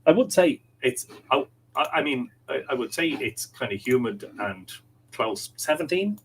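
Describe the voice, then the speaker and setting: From a room at home with the window open, an Irish man hosts a casual livestream, reading comments aloud and chatting back. He sounds very animated yet a little slow, in a mid-range voice; the desk microphone, adjusted during the stream, yields low-quality audio with slight background noise.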